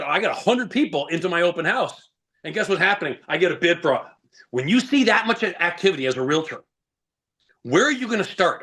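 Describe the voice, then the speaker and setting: A man coaching real estate agents on a video call, making an emphatic, salesy pitch full of rhetorical questions. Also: a bit bright.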